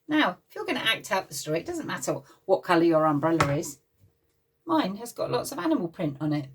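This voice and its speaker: At playgroup, a woman with an English accent reads a picture book aloud to small children, lively and expressive, stopping often to chat and get them joining in. Her voice is lowish with a breathy edge, recorded from a distance.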